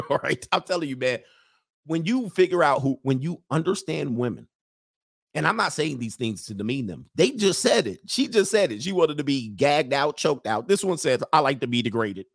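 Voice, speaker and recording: A man's voice: fairly high pitch, normal speed, vocal fry, no echo, studio quality. A man commenting on a video clip with comedic mockery, breaking into impressions and laughter. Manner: animated, mocking impressions, laughs often.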